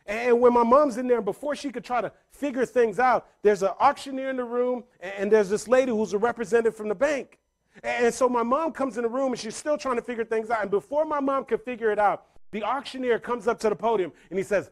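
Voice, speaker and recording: Motivational speaker, male, high pitch, storyteller who repeats lines and swells to big loud climaxes. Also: fairly quick. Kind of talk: motivational speech to a live audience. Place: room full of people.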